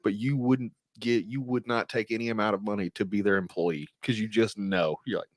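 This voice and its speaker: A man's voice: on the low side, steady tone, a little fast, few pauses, no room sound, clean studio sound. A man talking casually as a podcast guest, blunt and crude and swearing freely. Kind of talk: casual chat.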